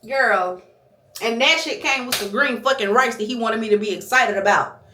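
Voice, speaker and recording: A woman vlogger telling a restaurant story as a casual, profane, animated rant. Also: a little high, normal speed, echoey room, a little hiss or hum.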